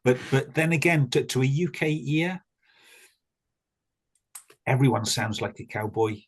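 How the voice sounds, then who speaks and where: Welsh male guest, relaxed chat, repeats words while thinking. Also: mid-range voice, measured pace, husky. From Wales. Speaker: podcast guest. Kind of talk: casual chat.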